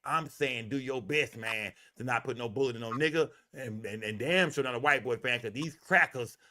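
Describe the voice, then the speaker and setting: A man's voice: medium pitch, normal speed, sharp tone. A man hosting a livestream, talking in a heated, profane and emphatic way, often repeating himself. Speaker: livestream host.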